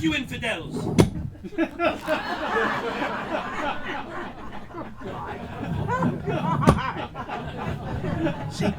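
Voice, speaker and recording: An older man performing a live stand-up comedy routine with a punchy delivery, often leaping into loud, high character voices. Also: noisy background. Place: comedy stage before a live audience. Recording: live show with crowd laughter. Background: audience laughter.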